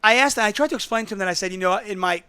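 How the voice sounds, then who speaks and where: A man hosts a casual call-in poker podcast on his own, chatting and telling rambling stories while interrupting himself. His voice sits high and he talks at a racing speed.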